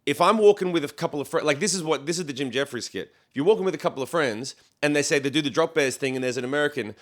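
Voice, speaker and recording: An Australian man co-hosting a podcast, telling a story in relaxed, wry casual chat. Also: on the high side, rapid-fire. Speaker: podcast co-host.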